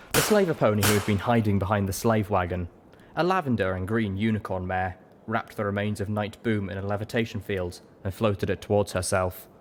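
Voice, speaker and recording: A man narrating a story in first person with a steady, dramatic reading. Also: on the low side, very noisy. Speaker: audiobook reader.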